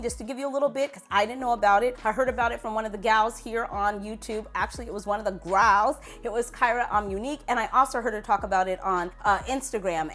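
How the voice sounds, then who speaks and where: A woman in her thirties, a beauty vlogger, giving a playful, emphatic perfume review straight to camera. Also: on the high side. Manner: animated, playful, emphatic repetition.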